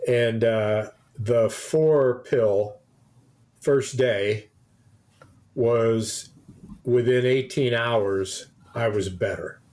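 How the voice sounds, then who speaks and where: Speaking extremely slowly in a mid-range, darkish voice, this man co-hosts a podcast and winds through a rambling story with many restarts in casual chat.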